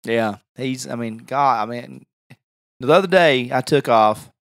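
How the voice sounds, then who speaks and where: A man's voice: mid-range voice, a little slow, fairly bright tone, dry recording, studio quality. Rambling man telling stories. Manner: rambling storytelling with many restarts. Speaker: podcast host. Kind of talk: casual chat.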